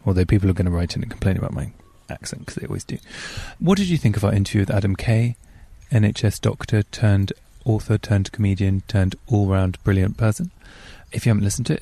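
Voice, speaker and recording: A man's voice: lowish voice, creaky, darkish tone, no room sound. A man hosting a podcast in a casual, chatty way with self-deprecating asides, recording with a handheld mic outdoors in a car park. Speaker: podcast host. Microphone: handheld microphone.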